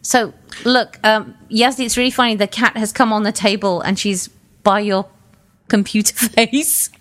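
A woman's voice: medium pitch, steady tone, moderate pace, fairly bright tone. Stuffy-nosed woman co-host on a call. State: blocked nose. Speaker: podcast co-host. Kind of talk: casual chat. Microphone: video call, close to the mic.

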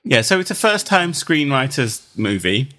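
A man with a bright, forward voice leads a casual film panel. He reasons through the screenplay in a wry, even-handed way. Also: mid-range voice, moderate pace.

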